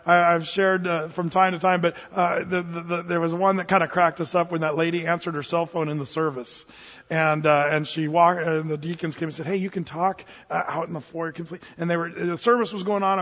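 A man's voice: high-pitched, a bit bright. A man preaching a sermon as pastor, talking conversationally with frequent restarts and fillers. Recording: echoey hall, dull muffled sound.

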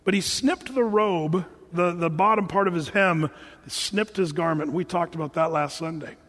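A high-voiced man preaches a sermon and acts out each scene as an animated storyteller. He speaks in a church sanctuary with a long hall reverb. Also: normal speed. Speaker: pastor.

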